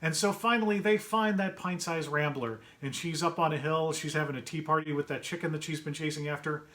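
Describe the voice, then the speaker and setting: A man reading his own picture book aloud to children, chatty and gentle, pausing to point out pictures and ask questions. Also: fairly even intonation. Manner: puts on brighter higher voices for characters' quoted lines. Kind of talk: read-aloud story time for children.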